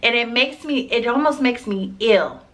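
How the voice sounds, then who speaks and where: A woman's voice: fairly high pitch, animated, moderate pace, a bit bright. A woman teacher in her thirties giving earnest classroom advice, emphatic and repeating phrases for stress. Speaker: teacher vlogger.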